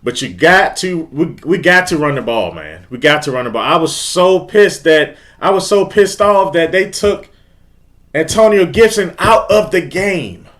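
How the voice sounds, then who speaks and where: A man's voice: on the high side, animated, moderate pace, a bit bright. A man hosting a casual live-stream sports talk, repeating himself in frustrated, emphatic bursts. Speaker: host of a fan live stream.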